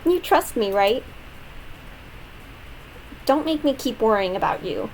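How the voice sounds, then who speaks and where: A woman voicing a bubbly, carefree teenage schoolgirl while reading game dialogue aloud, with a high, drawn-out, sing-song delivery. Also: sing-song, slight background noise, poor audio. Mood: earnest.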